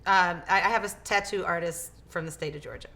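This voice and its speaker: A woman guest in a casual interview, telling her story in a lively way, acting out quoted dialogue and often restarting her words. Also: on the low side, brisk. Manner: animated, acts out quoted dialogue. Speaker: interview guest, business owner.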